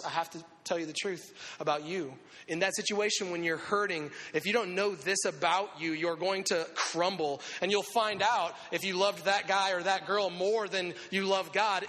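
A man with a high, bright, forceful voice preaching to young people. He talks in an animated, conversational way and acts out little quotes. His voice rings with the long reverb of a hall. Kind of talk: sermon.

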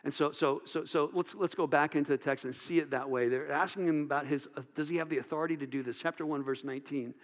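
A man's voice: a little high, steady tone, fast talker, few pauses, long reverb tail. A male pastor preaching a sermon in a loose, conversational way, full of fillers and restarts. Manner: conversational, many fillers and repeated words.

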